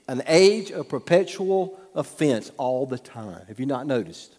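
A man's voice: a little high, a little mellow. Male pastor, conversational sermon, asks the congregation questions, long hall reverb. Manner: conversational, teasing the audience with questions. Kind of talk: sermon with storytelling.

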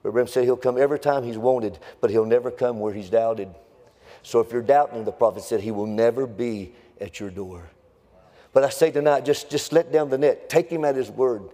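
A man preaching a sermon, building into a fervent, sing-song, near-shouting cadence. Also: medium pitch, brisk. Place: church sanctuary. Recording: long reverb in a church hall.

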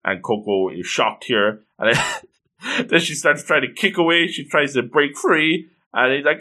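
A man giving casual, excitable commentary as he reads through a comic, with playful exclamations. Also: a little high, a little slow. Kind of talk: casual read-along commentary.

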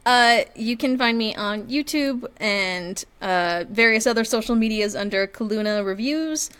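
A woman's voice: fairly high pitch, unhurried, a bit bright, clean tone. A woman who narrates audiobooks, chatting casually as a podcast guest and laughing often.

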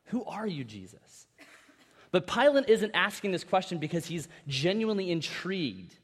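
A man preaching a sermon as pastor, in a conversational style with animated asides and repeated words. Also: sits high, moderate pace, husky. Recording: long reverb of a large hall.

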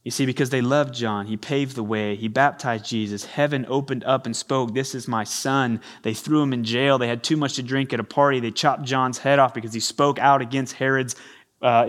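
A man's voice: mid-range voice, a little fast. A man preaching a sermon from a church stage into a microphone, acting out the voices he quotes. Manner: animated, acts out quoted voices. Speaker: pastor. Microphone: handheld or stage microphone.

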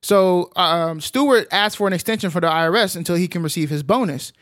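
A man casually retelling a film's plot as a podcast co-host, animated and full of filler sounds. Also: high-pitched, brisk, no echo, clean studio sound. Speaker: podcast co-host recapping a film. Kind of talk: casual film recap chat.

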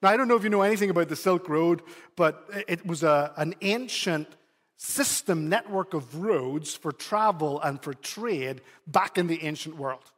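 A man preaching a sermon as pastor, telling a story in an animated way and sometimes repeating words for emphasis. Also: on the high side, normal speed, in a large hall.

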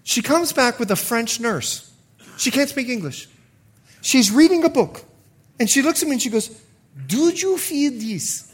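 A man's voice: very high-pitched, moderate pace, long pauses, breathy edge. A male pastor preaching a sermon at a church service, telling stories with humor. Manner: animated storytelling with humor.

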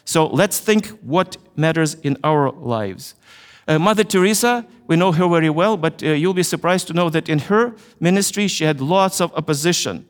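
A middle-aged man from Ukraine with a Ukrainian accent, telling a story in a chapel sermon with earnest pauses and hesitations. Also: fairly high pitch. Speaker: chapel speaker. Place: university chapel. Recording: long hall reverb.

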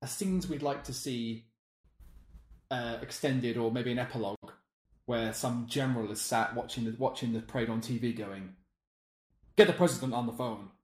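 A man's voice: mid-range voice, steady tone, normal speed, darkish tone, roomy sound. A man chatting casually on a podcast, rambling and self-deprecating. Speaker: podcast co-host. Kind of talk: casual chat.

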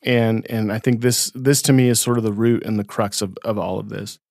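A man's voice: fairly low pitch, steady tone, a little fast, vocal fry, darkish tone, no echo. A man co-hosting a casual conversation about faith and ministry, reflective, laughing easily and restarting his sentences as he thinks aloud. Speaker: podcast co-host.

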